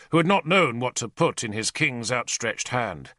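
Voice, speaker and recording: A man's voice: mid-range voice, animated, normal speed, hardly any pauses, sharp tone, no room sound, clean studio sound. A man narrating a historical novel in the first person with dramatic storytelling. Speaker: audiobook narrator.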